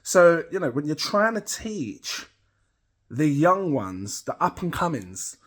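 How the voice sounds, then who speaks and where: Brief: British man, middle-aged, higher-pitched, loose and rambling host to camera. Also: sing-song, slow pace, husky. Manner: rambling, chatty, laughs at himself. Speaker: crypto channel host. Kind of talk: casual talk to camera.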